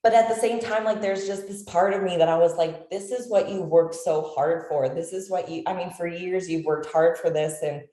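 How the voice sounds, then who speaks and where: A woman telling a personal story as an interview guest, halting with many fillers and restarts, choked up at times. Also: lowish voice, fairly even intonation, warm tone, reverberant.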